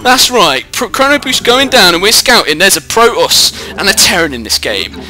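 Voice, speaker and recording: A man's voice: high voice, big pitch swings, normal speed, pushed and bright. A young British man in his teens giving jokey, rambling live commentary on a strategy game into a headset mic. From Britain. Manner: jokey, rambling, self-mocking. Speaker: gameplay commentator. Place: indoors at home, away from the usual recording spot.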